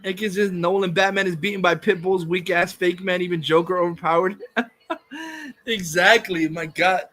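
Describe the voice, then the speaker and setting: A man's voice: sits high, steady tone, normal speed, pushed and bright. A man hosting a livestream, ranting casually in a heated, profane, insulting way. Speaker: livestream host.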